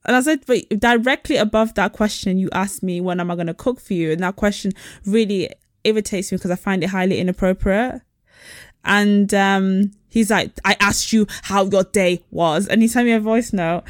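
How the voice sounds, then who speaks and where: A young woman co-hosts a chat podcast. She tells stories bluntly and with energy, swearing freely. Her voice sits at a middling pitch and sounds dry and close. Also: dry recording. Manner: animated, blunt storytelling with frank swearing. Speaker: podcast co-host. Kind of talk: casual chat.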